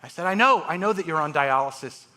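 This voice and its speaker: A man's voice: on the high side, fast. A man giving a storytelling talk on stage as a transplant surgeon, acting out the voices of his patients. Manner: animated, acts out patients' voices. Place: large live event hall.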